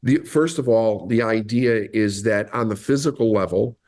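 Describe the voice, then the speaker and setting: Speaking at a normal pace with a fairly low, darkish voice, this male mindset coach explains his thinking earnestly as an interview guest on a podcast, repeating key points for emphasis.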